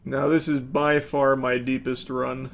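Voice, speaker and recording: A man hosting an online video, giving a dry film review and loud gameplay commentary. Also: medium pitch, unhurried, gravelly, a little hiss or hum. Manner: dry, flat delivery that breaks into loud excited yelling.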